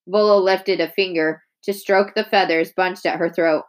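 A woman with a slightly low voice reads a novel aloud. Her narration is calm and even, paced like a bedtime storybook. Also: normal speed, hardly any pauses. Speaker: audiobook reader.

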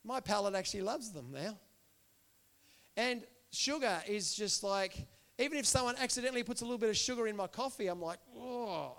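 Very high-voiced man preaching. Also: fairly bright tone. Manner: earnest, repetitive, builds to impassioned calls. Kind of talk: sermon. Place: church.

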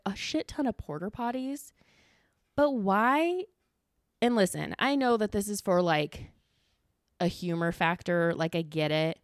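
Breathless fast-talking woman podcaster, dry sound. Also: mid-range voice, no room sound. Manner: talks fast without pausing for breath, gets winded; chatty, swears casually, heavy use of "like". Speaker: podcast host. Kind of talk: casual solo podcast chat.

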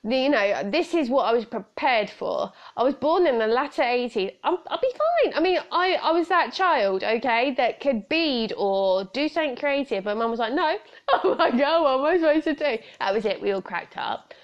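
A woman's voice: fairly high pitch, big pitch swings, moderate pace, hardly any pauses. A British woman in her thirties hosting a solo podcast, chatty and rambling, often breaking into laughter. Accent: British English. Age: 30s. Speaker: podcast host. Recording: slightly dull lo-fi sound.

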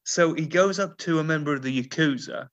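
A man hosting a comedy podcast, reading out quotes and acting out silly movie lines in a quick, joking way. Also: a little high, fairly bright tone, muffled recording. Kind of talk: comedic casual chat.

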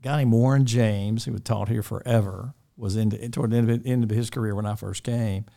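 Older man, mellow and rambling. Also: lowish voice, steady tone, a little fast, vocal fry. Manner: rambling, warm-hearted, with many restarts and chuckles. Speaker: school dean interviewed by students. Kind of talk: casual interview chat.

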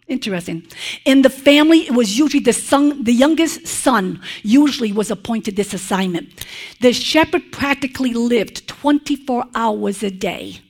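A woman preacher delivering a sermon, her voice sitting a little high. She speaks emphatically and with plenty of expression, often pausing to check in with her listeners with a quick "okay?" or "right?". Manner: conversational asides to congregation. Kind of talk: sermon with prayer.

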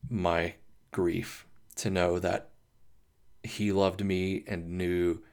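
A man hosting a podcast, talking through grief in a halting, emotional monologue, swearing and restarting often. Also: sits low, little pitch movement, a little mellow. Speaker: podcast host. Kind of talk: personal reflective monologue.

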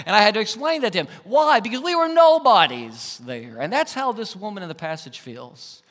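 A man, a pastor, preaching a sermon and telling a personal story in an animated, emphatic way, his voice swinging between loud and hushed. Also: high voice, fairly quick, hardly any pauses. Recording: long church-hall reverb.

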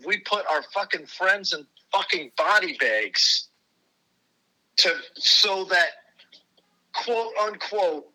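A middle-aged man from the United States rants with fury, swearing constantly and pressing for agreement. His voice is very bright and tense, sitting fairly high. He talks as a podcast guest. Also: rough recording. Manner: furious, heavy swearing, repeated "right?". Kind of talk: profane angry rant.

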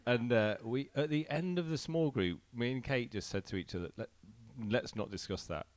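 A man talks casually about leading a church group, relaxed and a little hesitant. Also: mid-range voice, moderate pace. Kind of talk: casual talk.

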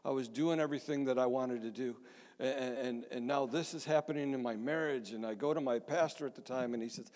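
A middle-aged man who is a pastor tells his own story as a sermon testimony, restarting frequently and poking fun at himself in a conversational way. He speaks fairly quickly in a mid-range, slightly mellow voice, with long hall reverb around him.

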